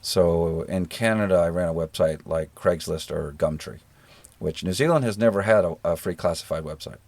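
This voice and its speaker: A middle-aged man with a generic American accent, a guest in a relaxed interview, telling stories in an easygoing, self-deprecating way. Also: low-pitched, normal speed, no room sound. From rural Georgia, American South. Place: living in New Zealand.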